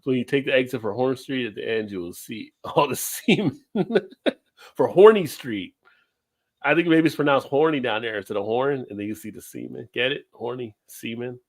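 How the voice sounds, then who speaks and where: A man's voice: medium pitch, a little fast, few pauses. A man co-hosting a casual chat, joking and laughing often. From Baltimore area. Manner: jokey, laughs often, lively delivery.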